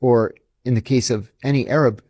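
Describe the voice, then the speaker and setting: A man's voice: mid-range voice, fairly even intonation, moderate pace, a little mellow, no echo, studio quality. A man, a former intelligence officer, giving emphatic, indignant answers in an interview. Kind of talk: interview storytelling.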